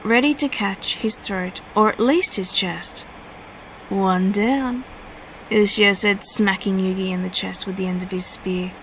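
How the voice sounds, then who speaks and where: A woman reading her own fanfiction aloud at a steady pace, now and then correcting herself. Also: mid-range voice, slight background noise, poor audio.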